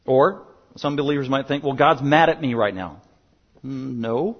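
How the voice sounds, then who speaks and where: A man preaching a sermon as pastor, emphatic and building to loud bursts on his main points. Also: medium pitch, normal speed. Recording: dull lo-fi sound.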